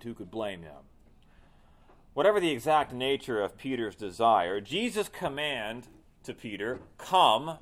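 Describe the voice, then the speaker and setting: Male pastor, sermon delivery, mid-pitched, dynamic between emphatic peaks and quiet asides. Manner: preaching with swelling emphasis and quiet drops.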